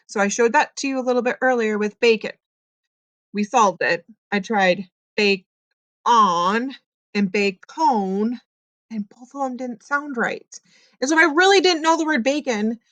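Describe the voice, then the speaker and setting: A woman teaching a reading lesson, patiently sounding out words slowly and explaining each step. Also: medium pitch, fairly bright tone, dry recording. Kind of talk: classroom phonics lesson.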